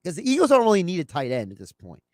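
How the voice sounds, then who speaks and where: Guy with a high voice doing sports talk, acting out fake phone calls, super dry sound. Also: very fast, dry recording. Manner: animated, acts out imagined phone calls. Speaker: sports show host.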